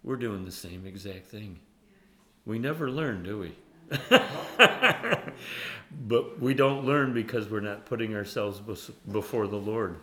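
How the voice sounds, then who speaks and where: A man preaching a casual Bible study in a bright, clear voice. He reads scripture, then jokes about himself and laughs often. He is animated and self-mocking, and he drops to a quiet, earnest tone for serious points. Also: on the low side, slow pace, pauses often. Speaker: Bible teacher. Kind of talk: conversational sermon, reading scripture.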